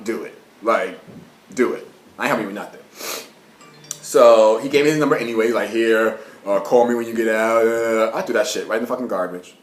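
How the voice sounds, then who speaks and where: A young man talks in a loose, animated storytime, swearing freely and breaking into quick rants. His voice sits at an ordinary middle pitch. The room around him sounds noticeably echoey. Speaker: vlogger. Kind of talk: casual storytime monologue. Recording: roomy echo.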